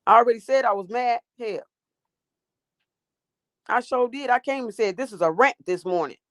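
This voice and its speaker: A woman's voice: on the high side, animated, normal speed, a bit bright, dry recording. Profane ranting woman livestreamer, dry sound. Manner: profane, confrontational, talks back to chat. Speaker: livestream host.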